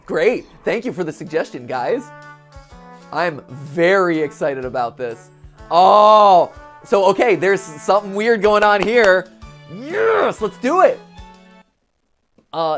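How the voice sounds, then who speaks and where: A woman hosting a gaming show, giving excitable let's-play commentary, with lots of laughs and restarts. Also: lowish voice, takes it slowly, soft background music.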